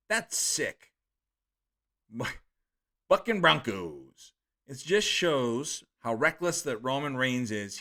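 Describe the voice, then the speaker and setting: A man in his thirties reads viewer comments on a live stream and trips over names. His voice is bright and forward, and his pitch swings widely. He takes his time between lines. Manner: reads out chat names and comments, stumbles over names, laughs at his own retakes.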